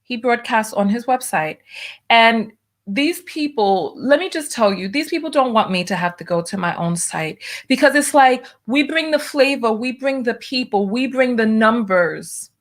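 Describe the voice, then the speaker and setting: A woman's voice: on the high side, animated, normal speed. A woman hosting her own livestream show, talking casually and venting her frustration, with many restarts.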